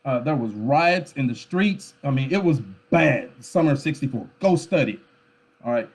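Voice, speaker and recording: A man's voice: medium pitch, animated, normal speed. A man speaking at a forum with an emphatic, lecture-like delivery, often repeating words and checking in with the listener. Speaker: pastor and scholar speaking at a forum. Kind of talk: impassioned lecture-style talk. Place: livestreamed forum.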